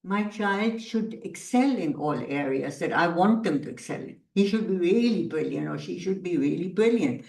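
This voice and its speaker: A woman's voice: lowish voice, animated, normal speed, creaky, hardly any pauses, darkish tone. Woman teacher leading a workshop, thoughtful and questioning, recorded from a distance in a roomy space. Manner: reflective, poses rhetorical questions. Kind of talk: online workshop talk. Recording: roomy echo, distant from the mic.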